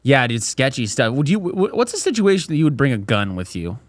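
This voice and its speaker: A man's voice: medium pitch, big pitch swings, fairly quick, dry recording. A man co-hosting a podcast in casual chat, crude and laughing, acting out voices as he tells stories. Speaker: podcast co-host.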